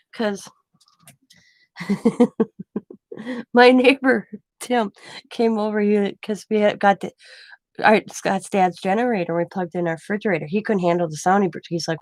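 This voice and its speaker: A middle-aged woman, a craft vlogger, chats casually at home in a medium-pitched voice with no room sound. She tells stories, acts out what people said, and often laughs mid-sentence.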